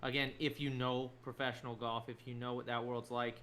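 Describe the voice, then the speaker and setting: A man co-hosting a sports podcast, chatting casually in an animated, argumentative way, often repeating himself. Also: medium pitch, fairly quick, a little hiss or hum. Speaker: podcast co-host. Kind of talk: casual chat.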